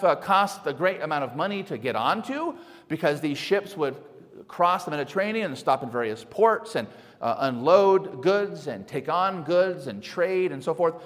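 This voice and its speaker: A man preaching a sermon as pastor, speaking in an animated way and asking his congregation rhetorical questions. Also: high voice. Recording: long hall reverb.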